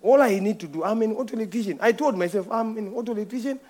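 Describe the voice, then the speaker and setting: High-voiced man preaching with dramatic swings. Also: very fast. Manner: storytelling preacher, repeats words, swings from loud to hushed. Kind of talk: sermon with personal testimony.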